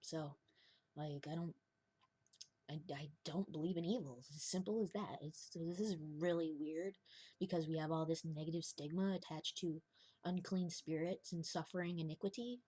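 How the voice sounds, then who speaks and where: A woman's voice: sits low, steady tone, normal speed, warm tone, breathy edge, no echo. A young woman talking in a rambling, confessional vlog, laughing often and dropping into whispers. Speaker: vlogger. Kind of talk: confessional casual monologue.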